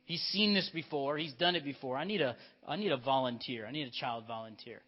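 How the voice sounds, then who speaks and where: A male pastor preaching a sermon, telling the story in a lively way and directing children in a skit. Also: mid-range voice, a little fast. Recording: dull lo-fi church recording.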